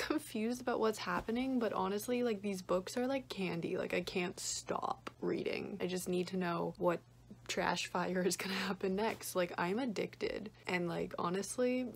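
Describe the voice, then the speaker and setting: A young woman with a medium-pitched, creaky, slightly rough voice chats casually in a vlog about the books she reads. Filming indoors at home, she's talkative and pokes fun at herself, saying "like" a lot.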